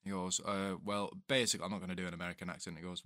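Bright-toned, blunt man. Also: low voice, level tone, very fast, hardly any pauses, no echo, clean studio sound. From United Kingdom. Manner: blunt, sweary and exasperated, ranting in bursts. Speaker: podcast co-host. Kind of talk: casual chat.

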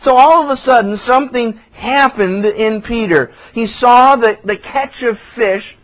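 A pastor teaching a sermon through a Bible passage, retelling the scripture in everyday, conversational speech. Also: male voice, extremely high pitch, unhurried, fairly bright tone, rough recording.

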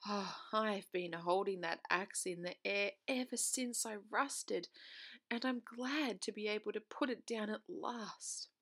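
A woman's voice: mid-range voice, a little slow, fairly bright tone. A woman reading aloud, voicing a sad, polite, grateful man made of tin who stammers a little.

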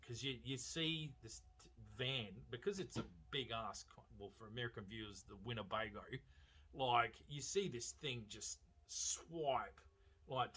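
A man giving a casual, animated movie review, swearing freely and laughing as he retells scenes. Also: medium pitch. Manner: animated, profane, laughing storyteller. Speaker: film reviewer.

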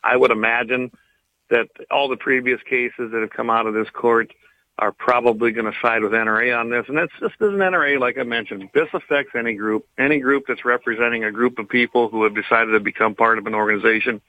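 A man's voice: medium pitch, steady tone, fast talker, no room sound, phone-quality sound. A man co-hosting a gun talk radio segment, explaining court news with small hesitations.

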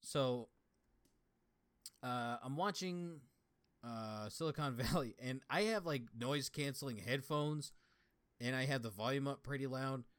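A man's voice: mid-range voice, a little slow, long pauses, smooth, no room sound. A young man co-hosting a podcast, telling rambling stories in casual chat and swearing often. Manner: rambling storytelling with frequent swearing. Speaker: podcast co-host.

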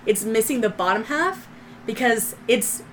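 A woman's voice: on the high side, expressive, unhurried, a bit bright, slight background noise. A woman narrating as game master of a tabletop game, describing scenes in a loose, descriptive way with fillers.

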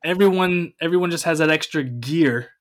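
A man's voice: fairly high pitch, normal speed. A man co-hosting a casual podcast, talking in a playful, hammy way and swearing freely. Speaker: podcast co-host. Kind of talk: casual chat.

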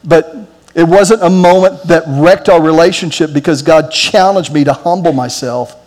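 A man preaching a sermon as pastor, telling a self-deprecating story with humor and then speaking softly to lead a prayer. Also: fairly high pitch, normal speed, big-room sound, poor audio. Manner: drops to a soft, quiet tone for closing prayer. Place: church sanctuary.

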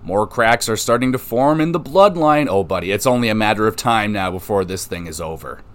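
Casual low-voiced man recapping wrestling. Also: fairly quick. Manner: casual, excitable, swears freely. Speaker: podcast host.

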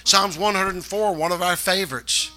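A man's voice: sits high, normal speed, pushed and bright, soft background music. A man who is a pastor, preaching a sermon in a church in a loose, conversational way with joking asides that build up to urging the congregation on. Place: church sanctuary.

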